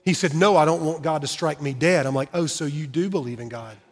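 Man, middle-aged pastor, earnest storytelling sermon, high voice, long church reverb. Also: a little fast. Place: church sanctuary.

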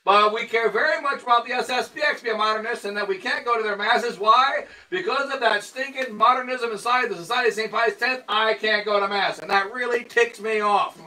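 A man with a high, bright voice preaches an emphatic sermon from a distance from the microphone. He drives his points home with rhetorical questions and repeated phrases, asking and then answering. The voice sounds like a priest in a church. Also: fairly quick, hardly any pauses. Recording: voice picked up from a distance.

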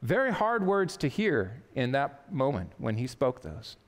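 A pastor preaching an earnest, emphatic sermon in a church. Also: male voice, mid-range voice, very animated, measured pace, in a large hall. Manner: earnest, emphatic preaching with quotes read aloud. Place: church sanctuary.

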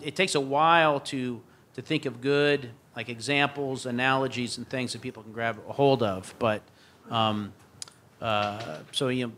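A man on a faculty panel answering audience questions, pausing and searching for his words. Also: medium pitch, fairly bright tone. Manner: halting, searches for words mid-sentence. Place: lecture room at an institute.

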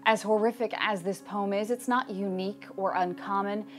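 A woman speaks in an earnest, grave tone, laying out facts one after another. Her pitch sits mid-range, and faint music runs underneath. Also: steady tone, moderate pace. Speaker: advocate. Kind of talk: awareness narration.

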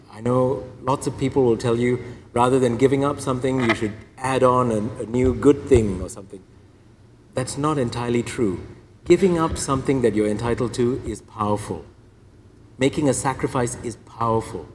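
Male priest, playful preaching style, mid pitch, reverberant hall. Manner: lively, joking, acts out penitents. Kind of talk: humorous sermon. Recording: reverberant hall, faint noise.

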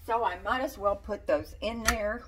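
A woman's voice: medium pitch, normal speed, fairly bright tone, recorded from a distance, a little hiss or hum. A woman giving a casual cooking demonstration in a home kitchen, chatty and folksy, talking straight to her viewers. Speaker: cooking vlogger.

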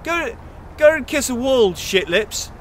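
A man's voice: very high-pitched, big pitch swings, a little slow, heavily acted. A man playing a drunk, dishevelled businessman in a park, hurling slurred, belligerent insults. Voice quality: slurred, belligerent, shouting bursts.

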